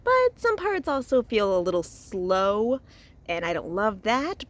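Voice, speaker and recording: Animated, chatty woman reviewer. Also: medium pitch, normal speed. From Louisiana. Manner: chatty and expressive, with frequent laughs and sighs. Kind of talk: casual spoken review. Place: outdoors in a cemetery.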